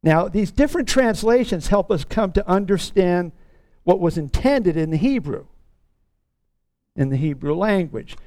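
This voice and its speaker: Male pastor, sermon, earnest teaching, repeats key lines, fairly high voice, dry close sound. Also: dark tone, no echo.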